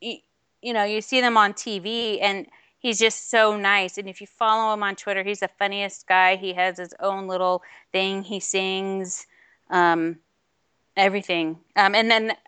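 A woman's voice: mid-range voice, fairly even intonation, a little slow, bright, forceful tone, clear, resonant tone, no room sound. A woman co-hosting a podcast, telling a rambling, chatty story with lots of fillers in casual chat. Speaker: podcast co-host.

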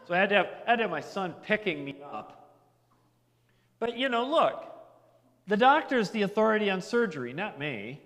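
A man's voice: high voice, sing-song, moderate pace, long pauses, fairly bright tone. A middle-aged man, a pastor, preaching a chatty sermon, telling anecdotes and repeating words as he builds each point. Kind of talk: conversational sermon. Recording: long hall reverb.

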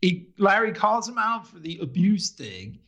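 Animated man with a gravelly voice. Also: high voice, measured pace. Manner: animated storytelling, acting out the characters' lines. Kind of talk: casual chat recapping a TV episode.

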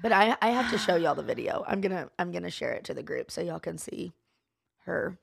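A woman co-hosting a podcast in casual chat, telling stories with animated flair. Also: on the low side, fairly quick, gravelly, slightly rough, dry recording, clean studio sound. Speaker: podcast co-host.

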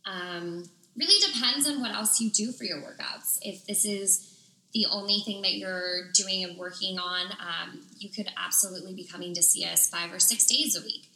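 Woman studio instructor, very bright tone, echoey room; upbeat explainer. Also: medium pitch, normal speed. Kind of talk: casual interview answers.

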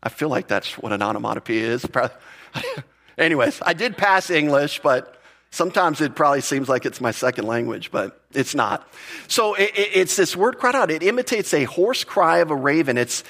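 A man's voice: fairly high pitch, very animated, moderate pace, creaky, a bit bright. A man teaching through a Bible passage in a conversational way, often repeating words and putting questions to his listeners. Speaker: pastor.

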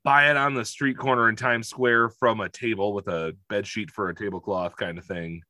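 Male co-host, bright and forceful, playful, self-correcting chatter, dry close sound. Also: lowish voice, no echo. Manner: animated, joking, quick to correct himself. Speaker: podcast co-host. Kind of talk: casual chat.

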